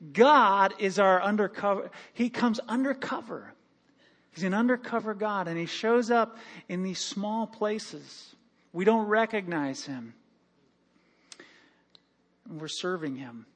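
A man preaching to his congregation as pastor, telling joking stories in an animated way. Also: sits high. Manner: animated, joking, lively storytelling with acted-out quotes. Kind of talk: sermon. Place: church sanctuary.

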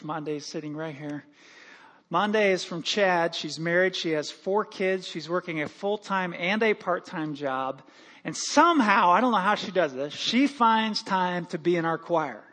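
Pastor, male, high voice, animated and humorous sermon delivery. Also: measured pace. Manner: animated, joking, lively storytelling with acted-out quotes. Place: church sanctuary.

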